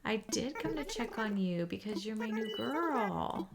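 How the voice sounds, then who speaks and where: A woman hosting a casual video game vlog, talking excitedly and chatting straight to her viewers. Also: on the high side, unhurried, vocal fry, hardly any pauses, background noise. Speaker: gaming channel host. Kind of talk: casual gameplay commentary. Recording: background game music.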